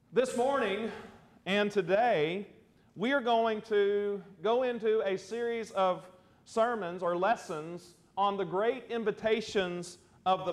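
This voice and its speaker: A man preaching a sermon as a guest preacher, folksy and chatty, asking the congregation questions. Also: high voice. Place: church hall. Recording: roomy church echo.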